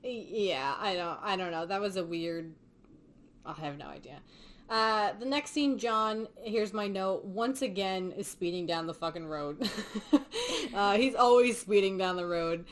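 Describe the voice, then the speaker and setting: A woman podcast host with a mid-range voice talks through a film recap at an unhurried pace, loose and conversational, laughing often and swearing freely.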